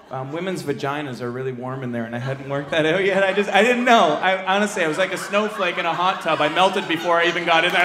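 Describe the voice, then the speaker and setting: A man doing stand-up comedy, telling a story in a brash, animated, self-mocking way. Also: sits high, roomy sound.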